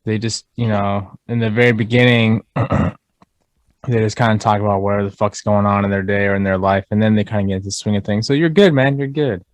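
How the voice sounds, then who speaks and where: Chill young dude guest on a podcast, easygoing, saying like a lot, dry sound. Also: male voice, fairly low pitch, steady tone, brisk, no echo. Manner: laid-back, reassuring, uses filler like "like". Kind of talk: casual chat.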